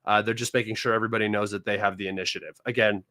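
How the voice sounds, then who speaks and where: A man's voice: lowish voice, steady tone, very fast, bright, forceful tone, no room sound. A man hosting a live political commentary stream, reading news articles aloud and mocking them with scorn.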